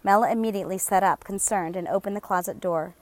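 A woman narrating a chapter of an audiobook in a steady, measured storytelling voice. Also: mid-range voice. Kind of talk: scripted narration.

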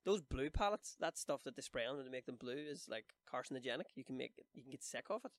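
A man, a comedian, cracking quick sardonic jokes in a casual chat. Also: mid-range voice, animated, dry recording.

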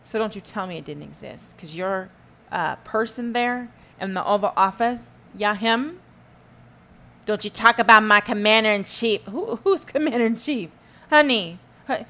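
A woman's voice: medium pitch, moderate pace, pushed and bright. A woman hosting a solo podcast, ranting emphatically and sarcastically, firing rhetorical questions and humming asides. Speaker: podcast host.

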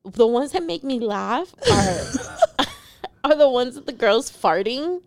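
A woman's voice: high-pitched, expressive, slow, no echo. A young woman hosting a podcast, telling frank stories in casual chat and laughing often. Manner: candid, giggly storyteller. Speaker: podcast host, comedian.

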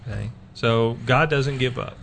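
A man's voice: mid-range voice, a little slow, vocal fry, a bit bright, slight background noise. A man hosting a casual faith talk radio show, rambling with many fillers and restarts.

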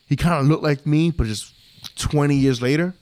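A man's voice: a little high, normal speed, a little mellow. A man in his twenties telling a long story in casual podcast chat, rambling with many restarts and swearing freely. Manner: rambling, profane, restarts and trails off. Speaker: podcast co-host.

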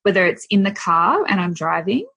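A husky woman in her thirties speaks as an interview guest. She talks in a relaxed, reflective way, often pausing on "um" as she thinks aloud. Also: fairly low pitch. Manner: open and reflective, with frequent um fillers. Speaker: guest, nutritionist and wellness coach. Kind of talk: casual podcast interview.

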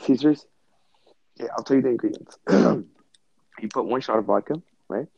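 A man's voice: mid-range voice, normal speed, gravelly, dark tone, breathy edge, no room sound, dull audio. A young man hosting a podcast with friends, rambling casually, laughing often and swearing. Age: young adult. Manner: rambling, laughing, swearing, says "bro" and "dude". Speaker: podcast host.

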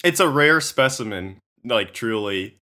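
A man's voice: medium pitch, expressive, measured pace, bright, forceful tone. A young man co-hosting a podcast, rambling and giggling through casual chat with lots of fillers. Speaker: podcast co-host.

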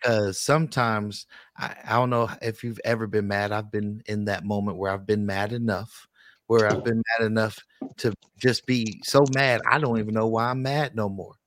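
A man's voice: on the low side, fairly even intonation, normal speed, fairly bright tone, no room sound. A man as an interview guest on a radio show, telling a personal story in a candid, rambling way and repeating words when he gets worked up.

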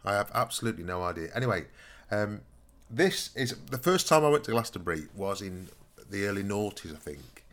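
A man, co-hosting a podcast in a teasing, animated way. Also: fairly low pitch, brisk. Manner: teasing and animated, slips into playful mimicry. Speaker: podcast co-host. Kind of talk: casual chat.

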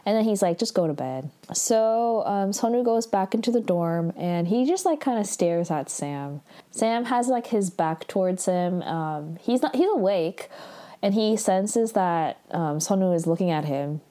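A woman's voice: fairly low pitch, mellow. A young woman casually recapping a drama episode, chatty and full of "like" and "um" fillers. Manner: chatty, heavy use of "like" and "um".

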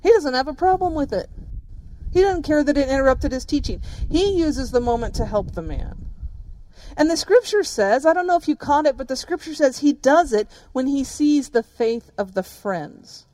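A woman's voice: high voice, lively intonation, moderate pace, dark tone, dry recording. A woman pastor preaching a sermon, telling the story vividly and speaking directly to her listeners.

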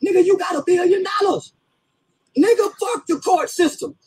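A commentator's very high, slightly mellow voice comes through a rough recording in a played clip. At normal speed he rants profanely and comically, laughing and half-crying through it all.

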